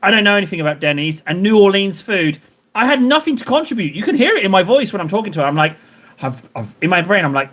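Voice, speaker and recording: A man paints miniatures on stream, joking and rambling as he chats with his viewers. His high-pitched voice swings widely in pitch, moves at a quick pace, and has a fairly bright tone.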